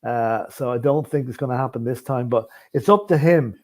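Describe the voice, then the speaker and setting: Man, football pundit, casual podcast chat, opinionated, mid-pitched voice, tags "right?" onto his points. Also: moderate pace. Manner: opinionated, keeps adding "right?".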